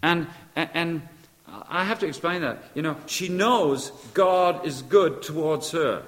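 A man's voice: fairly high pitch, takes it slowly, fairly bright tone, in a large hall. A man preaching a sermon, emphatic and repeating short phrases, now and then searching for the right English word.

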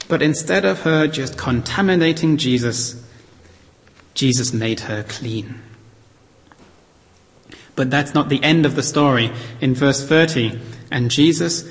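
A man preaching an earnest, reflective sermon, reading scripture aloud and slowing down to stress key points. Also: a little high, big-room sound.

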